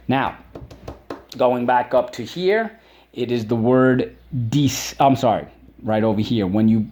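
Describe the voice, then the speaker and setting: Lively man teaching a spelling lesson. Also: on the low side, slight background noise. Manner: lively, repeats words and sounds out syllables.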